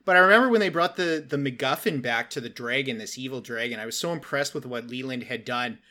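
A man hosting a casual talk, telling game-master stories with animated energy and many "like" fillers. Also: medium pitch, quick pace. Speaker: podcast host and game master. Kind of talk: casual storytelling chat.

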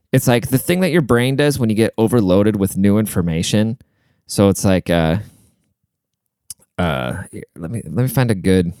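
A young man's low voice, close and dry, rambles through a sarcastic, profane rant. His pitch swings widely as he talks, and the tone stays smooth and clear. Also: a little mellow, no echo. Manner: looks things up mid-talk. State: short of breath at times. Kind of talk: casual rant.

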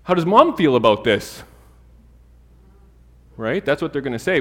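A man's voice: a little high, very animated, measured pace, in a large hall. A man preaching a sermon in an easygoing, humorous way, mixing everyday stories and asides with Bible readings.

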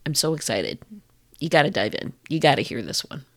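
Low-voiced enthusiastic woman podcast host. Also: lively intonation, a little fast, fairly bright tone, no echo, studio quality. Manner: gushing, enthusiastic, talks in flowing run-on phrases. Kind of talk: casual podcast interview.

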